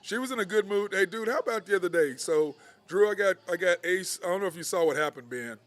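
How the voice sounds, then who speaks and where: A man's voice: sits high, animated, fast, a bit bright. A man hosting a show from a bar, telling stories in casual chat and laughing a lot. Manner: laid-back storytelling, laughs a lot. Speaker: podcast host.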